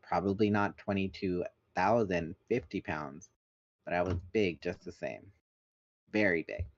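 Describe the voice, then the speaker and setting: A man's voice: deep voice, unhurried, dry recording. A man hosting a podcast, reading a novel aloud with joking asides, on a dull, lo-fi recording. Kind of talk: casual book read-along.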